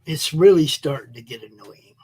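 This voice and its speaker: Male co-host, husky and slightly high-pitched, laid-back rambling chat. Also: lively intonation, moderate pace, a little mellow. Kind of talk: casual chat.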